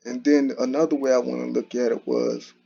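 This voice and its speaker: A man with a gravelly, husky voice talks through his views in a loose, unscripted monologue. His tone is dark and mellow, and he often restarts his sentences. The sound is dull and lo-fi. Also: mid-range voice, flat delivery, a little fast. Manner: conversational, repetitive, with frequent restarts and "you know". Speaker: commentary channel host. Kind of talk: casual solo commentary. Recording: dull lo-fi recording.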